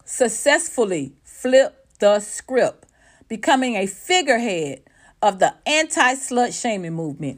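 A woman's voice: fairly high pitch, very animated, unhurried. A woman commentator on a livestream, ranting in a blunt, profane, emphatic way and talking straight to her viewers and chat. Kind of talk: unscripted livestream rant.

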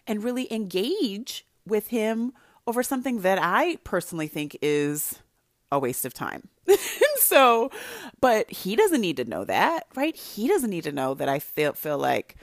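A woman's voice: fairly low pitch, dry recording, studio quality. Chatty woman giving marriage advice. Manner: animated, chatty storytelling. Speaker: relationship advice speaker. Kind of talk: casual advice talk to wives.

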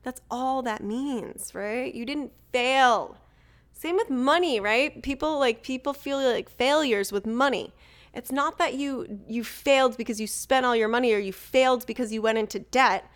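A woman's voice: on the high side, a little slow. Upbeat woman hosting a self-help podcast. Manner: casual, swears, says "literally" often, laughs easily. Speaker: podcast host. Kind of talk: motivational solo podcast talk.

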